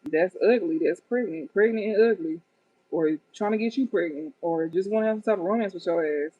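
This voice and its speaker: Speaking a little fast in a husky, lowish voice with no echo, a woman reads tarot casually for her viewers. Her tone is blunt and profane, she often laughs at the cards, and the audio sounds tinny and phone-like.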